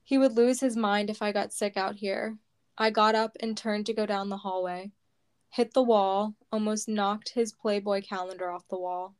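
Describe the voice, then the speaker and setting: A woman reads aloud from her own memoir at a slow, heavy pace, sounding close to tears. Her voice is smooth and clean, and her pitch stays level, rarely rising or falling. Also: fairly even intonation. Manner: slow, heavy, measured storytelling. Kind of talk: reading aloud a personal memoir.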